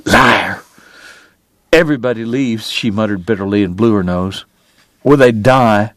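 A man's voice: lowish voice, unhurried, a bit bright, no echo, clean studio sound. A man voicing a tearful young woman who begs her dying lover not to leave her. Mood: bitter. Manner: begging, sobbing, bitter.

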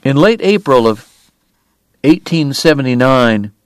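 A man narrating a novel in a measured, unhurried storytelling manner. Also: mid-range voice, expressive, no echo. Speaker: audiobook narrator. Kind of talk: scripted narration.

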